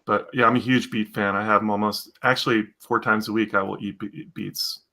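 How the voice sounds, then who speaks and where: Bright-voiced man, chatty guest. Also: fairly low pitch, steady tone, brisk. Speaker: guest on a live video show. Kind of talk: casual live-stream chat.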